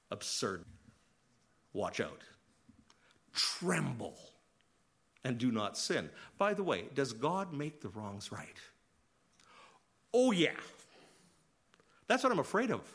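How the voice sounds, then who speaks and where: A man preaching a sermon as pastor, swinging between loud emphasis and quiet asides. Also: medium pitch, sing-song, measured pace, long pauses.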